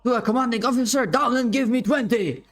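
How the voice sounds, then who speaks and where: A man voicing a gruff, muscular male drill colonel who barks orders at his new recruits. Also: very high-pitched, quick pace, pitched above the performer's own voice. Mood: barking. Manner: barking, domineering.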